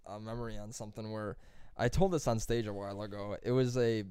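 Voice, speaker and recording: Young guy rambling thru a story, swears a lot, smooth clear voice, dry close mic. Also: lowish voice, fast, no room sound. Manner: rambling, profane, animated when quoting. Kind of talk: casual storytelling chat.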